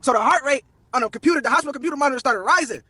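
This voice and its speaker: A man's voice: very high voice, very fast, sharp tone, dry recording. A young man telling a long personal story on a live stream, slangy and profane, quoting everyone in turn.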